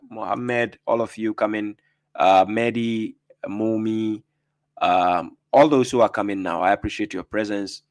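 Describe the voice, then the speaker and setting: A man hosting a live stream, talking casually and greeting viewers by name, laughing often. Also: medium pitch.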